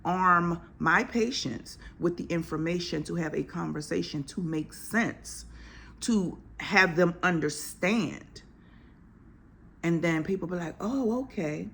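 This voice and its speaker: Speaking slowly, a woman doctor delivers a casual health podcast in a fairly low, creaky voice that's a bit bright and slightly rough. The OB-GYN host addresses her listeners bluntly and emphatically, leaning on casual slang.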